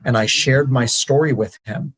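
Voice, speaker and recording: A man, a podcast guest and author, telling his story in an earnest, animated way. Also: mid-range voice, normal speed, husky, rough recording. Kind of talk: storytelling interview.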